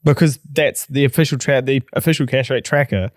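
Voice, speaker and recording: Brief: plain-spoken New man, mid pitch, dry close sound, emphatic podcast co-host. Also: a little fast, no echo. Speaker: podcast co-host, mortgage broker. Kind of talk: casual chat.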